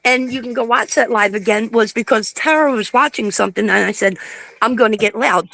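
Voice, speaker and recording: With a fairly high, gravelly, bright voice and a forceful tone, the middle-aged livestream host talks briskly with no echo. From the northern US, she swears openly through casual stories and mimics other people.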